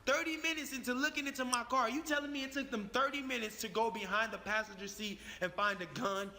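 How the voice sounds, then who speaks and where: Young guy ranting his story, high sharp voice, swearing a lot, reverb trailing off. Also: steady tone, quick pace. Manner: heated, profane, emphatic. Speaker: YouTuber telling his story. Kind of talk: animated storytelling. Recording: long reverb on the voice.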